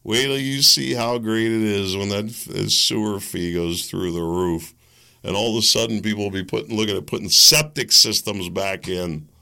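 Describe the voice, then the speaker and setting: A man's voice: lowish voice, moderate pace, gravelly, sharp tone. A man hosting his own podcast, ranting through solo political commentary and acting out the people he quotes. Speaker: podcast host.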